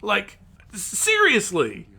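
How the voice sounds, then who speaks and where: Brief: a swearing gaming commentator in an exasperated review rant, with a bright, tense tone. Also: medium pitch, huge pitch swings, takes it slowly, breathy edge. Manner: exasperated, profane, ranting; frequent outbursts of rising disbelief.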